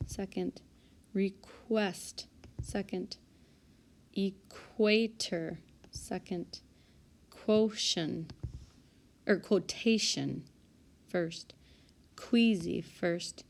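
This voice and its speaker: A woman's voice: medium pitch, darkish tone. A woman teacher talking through spelling word sorts over a whiteboard app, calling out each word and its group and now and then correcting herself. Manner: sorting words aloud, stopping to correct herself. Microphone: tablet mic, voice-over.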